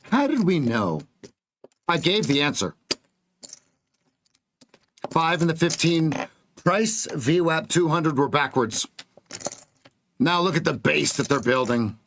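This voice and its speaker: A man talking through a live trading session in short, blunt calls peppered with slang. His voice sits a little high for a man. A faint hiss runs under the desk-mic audio. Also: animated, slow, pauses often, a bit bright. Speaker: trading coach streaming live.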